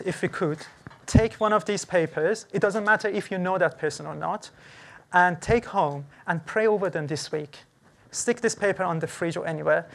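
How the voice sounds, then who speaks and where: An earnest, gently pleading preacher giving a church sermon and leading a closing prayer. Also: mid-range voice, gravelly. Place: church service.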